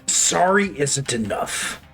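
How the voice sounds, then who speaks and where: A man voicing a haughty noble retainer in a tabletop game, making slow, cold, pompous threats, a little away from the mic over faint music. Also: fairly high pitch, animated, vocal fry, a bit bright, exaggerated voice. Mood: cold menace.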